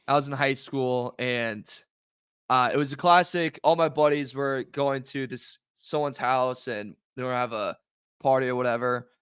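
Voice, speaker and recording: A young adult man co-hosting a casual sports podcast, telling a story in an animated way with laughter. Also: mid-range voice, normal speed, clear, resonant tone, no echo, clean studio sound. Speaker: podcast co-host. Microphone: headphones and podcast mic.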